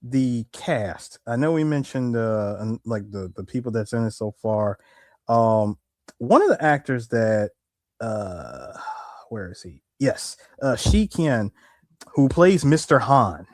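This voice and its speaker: A man's voice: medium pitch, animated, takes it slowly, no room sound, studio quality. Film-buff man rattling off facts. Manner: knowledgeable, lists facts with many fillers. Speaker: podcast co-host. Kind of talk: casual chat.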